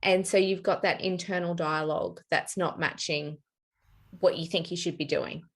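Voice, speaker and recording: Woman interview host, lowish voice, thoughtful and agreeable. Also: fairly even intonation, normal speed. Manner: affirming, thoughtful, frequent agreeing. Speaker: podcast host. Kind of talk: interview conversation.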